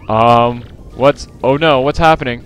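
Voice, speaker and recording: A man's voice: mid-range voice, a little slow, clear, resonant tone, soft background music. A man giving casual gameplay commentary as a let's play host, rambling with lots of fillers and self-corrections.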